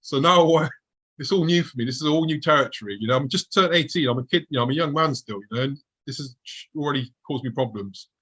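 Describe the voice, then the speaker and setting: A man's voice: mid-range voice, fast, a bit bright, husky, rough recording. A man, a guest on the show, vividly recounting a personal encounter and acting out his own past thoughts as he goes.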